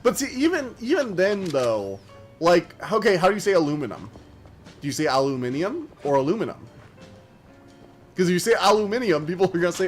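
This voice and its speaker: A man's voice: a little high, sing-song, moderate pace, soft background music. An American man chatting loosely as he streams a game, rambling with lots of filler words. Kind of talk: casual let's-play commentary.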